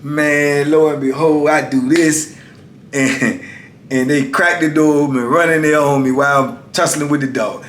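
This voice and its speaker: Storyteller: middle-aged man, animated and slangy, echoey room, faint rumble. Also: moderate pace. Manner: animated, acts out shouted exchanges, slangy and emphatic. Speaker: former prisoner telling his story. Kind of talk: casual storytelling.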